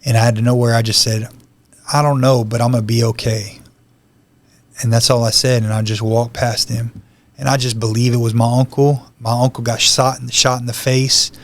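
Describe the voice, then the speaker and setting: A man's voice: mid-range voice, level tone, normal speed, no echo. A man telling his personal testimony as a podcast guest, in a conversational storytelling manner that acts out the lines of the people in it.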